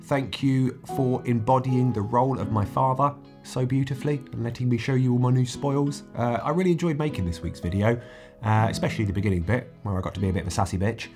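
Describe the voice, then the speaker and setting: A man's voice: mid-range voice, fast, a little mellow. A man in his forties chatting enthusiastically at home for his vlog. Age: 40s. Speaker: vlogger. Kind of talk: casual chat. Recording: music playing underneath.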